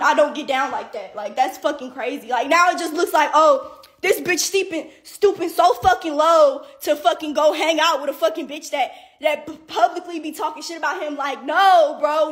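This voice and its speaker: A woman's voice: high-pitched, a bit bright. A young woman on a livestream, ranting in an indignant and exasperated way, swearing constantly and filling her speech with "like" and "bro", with bursts of laughter. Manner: heavy profanity, repeated "like" and "bro". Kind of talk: angry livestream rant.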